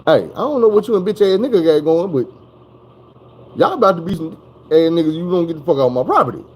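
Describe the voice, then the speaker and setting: A man acting out a fed-up mother who snaps and cusses at strangers on her porch. Her voice climbs high and loud, sharp with indignation. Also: lively intonation, fast, slight background noise, close to an everyday voice. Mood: furious. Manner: shouting, profane, indignant. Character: angry middle-aged mother, loud and cussing.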